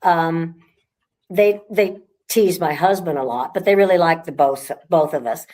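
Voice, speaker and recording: A woman with a lowish voice talking casually about the house she owns. Her delivery is relaxed and rambling, full of restarts and self-corrections. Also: a little slow. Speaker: haunted house owner. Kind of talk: casual conversation.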